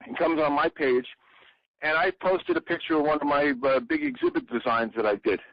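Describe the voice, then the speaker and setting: A man being interviewed, an exhibit designer who tells lively anecdotes and acts out the people he quotes. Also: a little high, normal speed, creaky, dry recording. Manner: animated storyteller, acts out quotes. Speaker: interview guest. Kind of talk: casual interview. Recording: dry, muffled audio.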